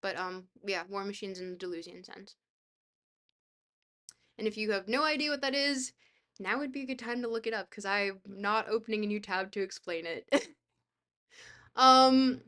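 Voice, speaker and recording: A woman's voice: medium pitch, a bit bright. A woman streaming live, reading a dense book aloud and breaking off to chat, often hesitating with fillers and laughing at herself. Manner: laughs easily, self-deprecating.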